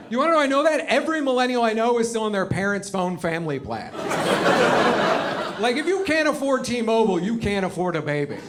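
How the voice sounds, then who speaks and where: A man in his thirties performs stand-up in front of a live audience, with a high, bright voice. He swears freely and jumps in and out of acted-out characters with lots of energy. A clear layer of noise sits behind him in the room. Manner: animated, profane, acts out voices. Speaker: stand-up comedian. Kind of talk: stand-up comedy set. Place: comedy show with live audience.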